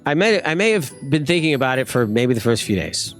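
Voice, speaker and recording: A man's voice: medium pitch, sing-song, fairly quick, soft background music. A man telling a personal story in a casual, self-mocking way, laughing as he goes. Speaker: guest storyteller.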